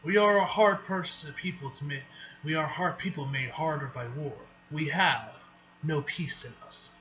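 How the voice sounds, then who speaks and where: A stern warrior leader gives a grave warning, read aloud by a man. The voice is bright and a little high. The recording is lo-fi with faint hiss. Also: natural voice. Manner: grave, warning, halting reading.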